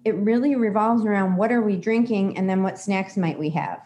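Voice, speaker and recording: A woman's voice: mid-range voice, normal speed, dark tone, slight background noise. A woman co-hosting a podcast about recovery, talking candidly and animatedly in casual chat. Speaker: podcast co-host.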